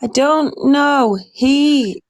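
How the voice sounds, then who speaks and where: A woman's voice: high voice, drawn-out words. A woman, calling in and answering in brief, hesitant replies. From Lancashire, England. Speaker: caller.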